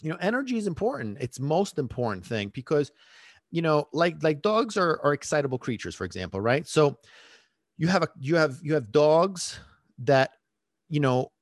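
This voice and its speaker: A man's voice: fairly high pitch, sing-song, moderate pace, no room sound, studio quality. A man hosting a dog-training podcast, talking casually and rambling into side tangents, laughing at his own stories.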